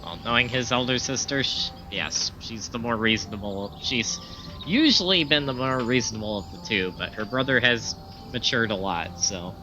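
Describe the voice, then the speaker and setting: A man's voice: medium pitch, animated, moderate pace, poor audio. A man streaming a game, making chatty asides between reading the dialogue aloud, with game music playing behind. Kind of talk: casual gaming stream.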